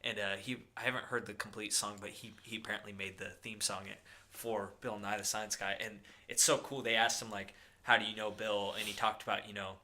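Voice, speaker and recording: Bright-voiced young man chatting loosely. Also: on the low side, level tone, a little fast. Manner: rambling, lots of fillers and impressions. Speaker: podcast co-host. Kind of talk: casual chat.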